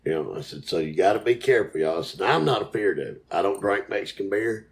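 A man's voice: fairly low pitch, expressive, quick pace. A man in casual podcast chat, telling jokes and stories in a folksy way.

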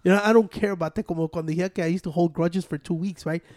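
A man with a mix, telling profane, animated stories in a casual chat among friends. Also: high voice, fast talker. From Mexican family, living in Chicago. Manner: profane, animated storytelling with code-switching.

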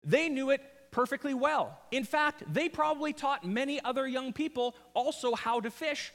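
A man preaching a sermon in an animated, conversational storytelling style with jokes. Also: extremely high pitch, normal speed, in a large hall. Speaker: pastor.

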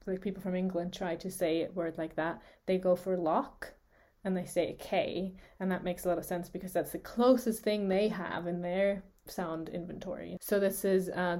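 A woman's voice: lowish voice, warm tone. Woman explaining speech sounds with demonstrations. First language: Swiss German. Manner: explanatory, demonstrates sounds aloud, laughs often. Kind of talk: podcast lesson, casual chat.

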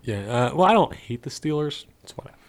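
A man's voice: mid-range voice, very animated, fast talker. A man from North Carolina with a slight Southern accent, hosting a casual sports podcast and steering the talk. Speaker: podcast host. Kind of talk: casual chat.

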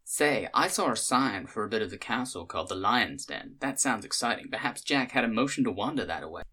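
A gushing, folksy tourist lady with a broad Southern US drawl, as a male narrator puts her on, talking a bit higher than his own low voice. She chatters on sweetly in a storybook reading, with a bright, forceful edge to the tone. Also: expressive, a little fast, breathy edge, heavily acted. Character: chatty grey-haired American woman tourist.

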